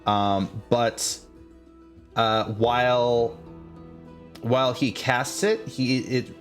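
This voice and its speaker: A man narrating as game master, halting with many fillers and restarts. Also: mid-range voice, steady tone, faint music behind.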